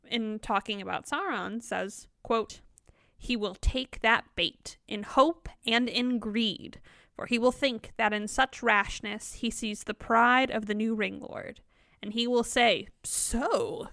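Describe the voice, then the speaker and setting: A woman's voice: a little high, bright, forceful tone, no room sound, studio quality. A woman co-hosting a casual book discussion podcast, reading quotes aloud and playfully mimicking characters. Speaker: podcast co-host.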